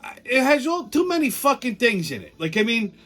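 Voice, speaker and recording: A man's voice: extremely high pitch, sing-song, fairly quick, a bit bright. A middle-aged man, hosting a casual monologue show, blunt, profane and ranting. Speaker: podcast host.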